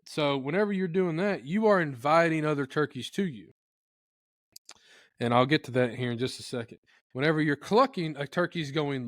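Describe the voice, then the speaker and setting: A man's voice: a little high, normal speed, no room sound, clean studio sound. A man talking casually and with energy while he teaches turkey calling, sometimes imitating turkeys in funny voices. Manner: animated, acts out turkey sounds in funny voices. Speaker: turkey calling expert guest. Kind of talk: casual how-to talk.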